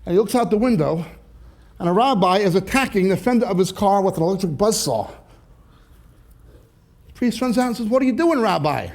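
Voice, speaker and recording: A man preaching, telling jokes with animated timing and then reading scripture slowly and deliberately. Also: sits high. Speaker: pastor.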